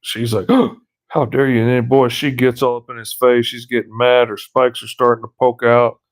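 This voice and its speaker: A comic artist, a man, casually narrating in a folksy, relaxed way as he inks a page. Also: mid-range voice, normal speed. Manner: folksy, relaxed commentary on his own work. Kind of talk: casual narration while inking.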